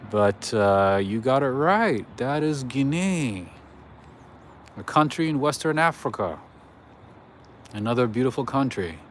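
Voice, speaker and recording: A man's voice: medium pitch, very animated, a little slow, pauses often, a little hiss or hum. A man hosting a walking livestream outdoors on a city street at night, chatting straight to his viewers and chuckling often. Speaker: livestream host. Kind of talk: casual walking livestream chat.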